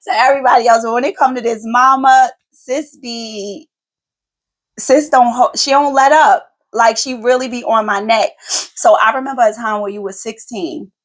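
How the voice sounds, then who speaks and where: A woman in her forties hosting a podcast, telling family stories in an animated, emphatic, colloquial way. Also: a little high, moderate pace. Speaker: podcast host, mother. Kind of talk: casual conversational storytelling.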